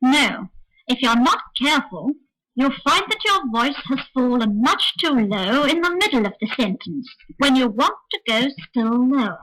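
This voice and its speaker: A woman co-presenting an English intonation lesson, modelling sentences clearly and deliberately. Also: high voice, sing-song, a bit bright, poor audio. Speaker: co-presenter demonstrating examples. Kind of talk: scripted spoken lesson. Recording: old lesson recording.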